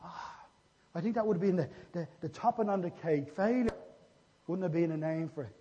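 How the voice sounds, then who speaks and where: Man, preacher, sermon, acts out scripture dialogue, mellow tone, lo-fi recording. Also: sits high, moderate pace, slight background noise. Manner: retells scripture, acting out quotes in dialogue. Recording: echoey hall, dull lo-fi sound.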